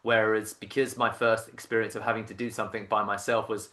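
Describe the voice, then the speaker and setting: A man in his thirties, a podcast guest telling his career story in a casual, animated way, acting out voices and often restarting sentences. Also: fairly low pitch, fairly quick. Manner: animated storyteller who acts out quoted voices, many restarts.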